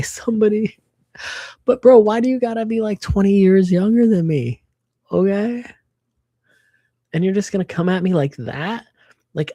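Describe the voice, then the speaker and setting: A woman rambles through a story on her livestream, cursing casually and rushing between tangents. Her voice sits warm and mellow. The sound is dry, with no room echo. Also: deep voice, vocal fry. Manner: animated storytelling, swears freely, acts out quotes.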